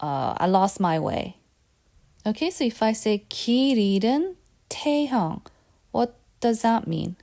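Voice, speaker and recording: A woman's voice: mid-range voice, mellow. A woman teaching vocabulary at a patient pace, repeating words and quizzing the listener. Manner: patient and repetitive, asks quiz questions. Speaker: Korean language teacher. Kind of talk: lesson.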